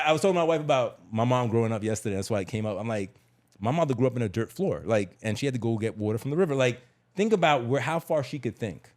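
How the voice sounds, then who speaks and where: A man's voice: mid-range voice, lively intonation, quick pace. A middle-aged man talking candidly on a podcast, emphatic and slangy, repeating words as he tells a personal story. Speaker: podcast guest.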